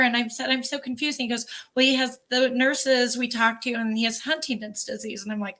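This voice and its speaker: A woman's voice: fairly high pitch, steady tone, a little fast, hardly any pauses, sharp tone. A woman in her forties, a podcast guest telling an emotional personal story earnestly, with many fillers.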